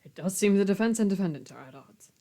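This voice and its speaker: A woman reading the lines of a mild older male judge in a formal, measured way, with game music underneath. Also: medium pitch, lively intonation, dark tone, a little hiss or hum, lightly acted.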